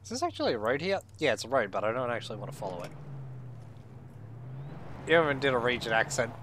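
A man's voice: medium pitch, sing-song, quick pace, fairly bright tone, a little hiss or hum. An Australian man in casual gameplay commentary, swearing, joking and chatting with his viewers. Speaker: streamer.

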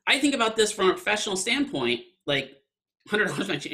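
A man's voice: high-pitched, very animated, a little fast, pushed and bright. A man lecturing an online class in a casual, conversational way, often checking in with "right?". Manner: conversational, keeps asking "right?".

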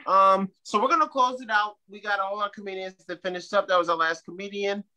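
Hyped, bright-voiced comedy night host. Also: male voice, high voice, fairly even intonation, fairly quick. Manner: hyped, repeats praise for the comic. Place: small bar stage.

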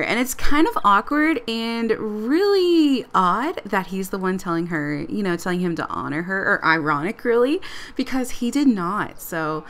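A woman casually narrating her life-sim game play, excited and giggly. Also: mid-range voice, moderate pace. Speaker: let's play creator.

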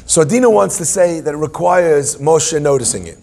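A man leading a Torah class, playful and self-deprecating, and often wandering into musing asides. His voice is gravelly and husky, pitched slightly above the usual male range. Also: animated, moderate pace, a little mellow. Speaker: Torah teacher.

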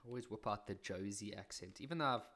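A man's voice: lowish voice, quick pace, bright, forceful tone. A young man with a South African accent walks through maths exam questions in a casual teaching voice. He keeps it chatty and breaks in with jokes at his own expense. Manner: chatty, jokey, self-mocking asides.

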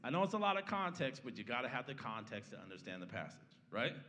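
In a church sanctuary, a pastor with a mid-range, bright, forceful voice preaches fast with big pitch swings, his sound filling the large hall. He opens with prayer, then teaches the Bible passage conversationally, often asking the congregation "right?"

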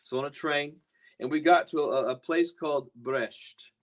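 A man's voice: on the high side, measured pace. A man preaching earnestly on a podcast, rambling at times with many restarts. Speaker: pastor. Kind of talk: podcast sermon talk.

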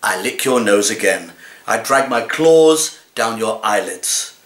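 A male actor giving an expressive reading of comic poems in a cat's voice, swinging from low murmurs to plaintive high pleas. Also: slow pace, echoey room.

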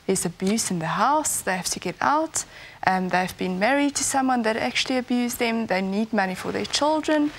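A woman's voice: a little high, animated, normal speed, a little hiss or hum. A woman speaking as a sexologist guest on a talk show panel, giving plain, hesitant answers. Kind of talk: panel discussion.

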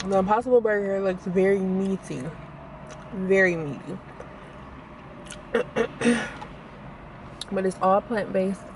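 A woman's voice: mid-range voice, a little hiss or hum. A young woman, chatting casually to viewers as she reviews food in a car on her phone. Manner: chatty, animated, talks to viewers as y'all. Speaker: vlogger.

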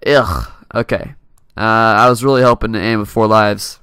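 A man's voice: on the low side, steady tone, moderate pace, fairly bright tone, clean tone, dry recording, studio quality. A young man giving casual gameplay commentary from his computer, playful and laughing often, taunting opponents as he plays. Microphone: desk mic.

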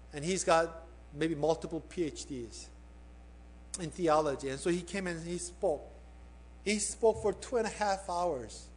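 Preaching a sermon in a high-pitched voice, a male pastor tells a story and puts questions straight to his listeners. He moves back and forth between emphatic highs and quiet, hushed appeals.

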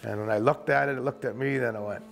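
Gravelly man telling a story. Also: medium pitch, steady tone, fast talker, faint music behind. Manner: vivid storyteller who acts out quoted speech. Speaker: camp owner recounting an encounter. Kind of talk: animated storytelling interview. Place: outdoors in a forested coastal camp.

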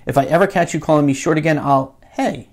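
A man's voice: a little high, fast talker. A man voicing a bossy school bully boy who talks in blustering threats. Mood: threatening.

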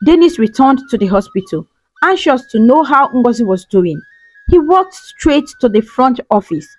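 A woman's voice: on the high side, darkish tone, rough recording. A woman narrating a folktale as a storyteller, dramatic and emotive. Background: faint music.

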